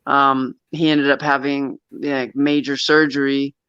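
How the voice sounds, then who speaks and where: Bright, tense-voiced man telling a rambling story. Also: medium pitch, little pitch movement, a little slow, clear, resonant tone, dry recording. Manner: rambling, with frequent restarts and nervous laughs. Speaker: guest telling a personal story. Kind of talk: casual conversational storytelling. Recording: dull, lo-fi sound.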